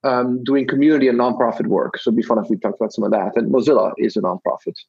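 A man's voice: medium pitch, steady tone, fast, vocal fry, darkish tone, slightly rough, highs cut off. A man from Belgium with a Dutch-tinged English accent, chatting as an interview guest and telling rambling stories with acted-out quotes. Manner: rambling, storytelling, acts out quotes. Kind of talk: casual chat.

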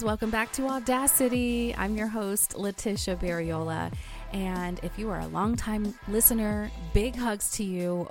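A woman in her thirties hosting a faith podcast, chatty and encouraging, a little stuffy from allergies. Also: medium pitch. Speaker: podcast host.

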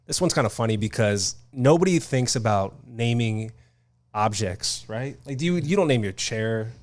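A young man co-hosting a podcast, tossing in quick wisecracks during casual banter. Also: mid-range voice, lively intonation, a little mellow. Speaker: podcast co-host.

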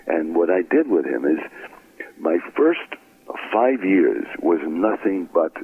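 A man's voice: low-pitched, big pitch swings, slow pace, a little hiss or hum. An older man from Brooklyn, an actor telling stories in an interview, acting out the voices of people he quotes. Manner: anecdotal, acts out quoted voices. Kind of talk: storytelling interview. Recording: tinny phone-like line.

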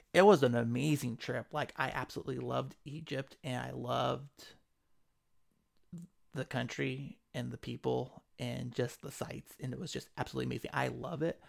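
Gravelly man telling a travel story. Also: medium pitch. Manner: animated retelling with quoted voices. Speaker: podcast host. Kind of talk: casual storytelling.

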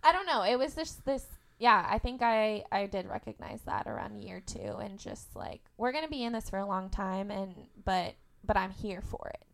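A woman's voice: mid-range voice, moderate pace, gravelly, hardly any pauses. Candid young woman telling her story. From Indiana, US. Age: young adult. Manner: emotional, open, laughs through hard memories. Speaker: podcast guest.

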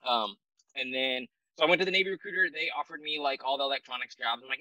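A man in his forties with a bright, forceful voice, recorded close and dry. He talks as a guest in a casual interview, rambling and self-deprecating with lots of ums and restarts. He comes from the United States. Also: mid-range voice, quick pace, dry recording, poor audio. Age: 40s. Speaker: guest, military veteran.

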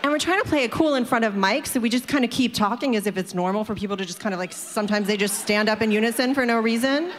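A woman's voice: a little high, quick pace, hardly any pauses, big-room sound, slight background noise. A woman telling a personal story to an audience in a chatty way, filling it with "like" and acting out the people in it.

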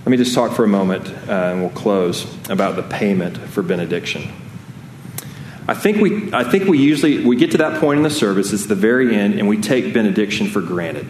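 A man with a fairly low voice preaches to his congregation in an earnest, conversational way, stopping and restarting his sentences as he goes. The room is echoey and there is a faint hiss of noise underneath. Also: expressive, fairly quick, darkish tone. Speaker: pastor. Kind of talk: sermon.

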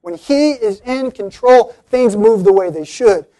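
A man's voice: sits high, expressive, a little slow, warm tone. A man preaching an earnest sermon, speaking directly to his listeners and rising to emphatic appeals.

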